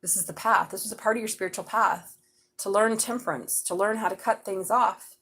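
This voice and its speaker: A middle-aged woman doing a live tarot reading, chatty and excitable, swearing casually as she talks. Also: medium pitch, brisk, slightly rough, low-quality recording. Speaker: tarot reader.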